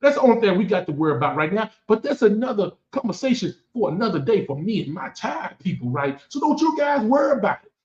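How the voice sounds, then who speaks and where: Man, high-pitched fan vlogger, boastful and taunting; echoey room, dull lo-fi sound. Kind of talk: trash-talking football commentary.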